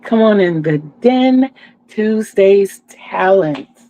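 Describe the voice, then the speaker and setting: A woman chats at an unhurried pace in a mellow, gravelly voice. She hosts a casual crochet livestream and talks to her viewers in a warm, homey way. The sound is dry and close. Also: mid-range voice, expressive, dry recording, dull audio. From Virginia, USA. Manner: chatty, homey, speaks to viewers as "y'all". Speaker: crochet channel host.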